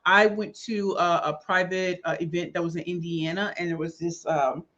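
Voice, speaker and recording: Animated woman hosting a livestream. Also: on the low side, moderate pace, muffled recording. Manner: animated, greets viewers by name, slangy. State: tired. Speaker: livestream host. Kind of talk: casual livestream chat.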